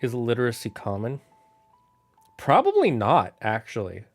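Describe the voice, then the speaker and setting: A man streaming live, thinking out loud and answering chat in a casual, rambling way. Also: mid-range voice, wildly swooping pitch, dry recording, faint music behind. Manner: musing aloud, thinks out loud with quick asides. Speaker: streamer running a worldbuilding chat.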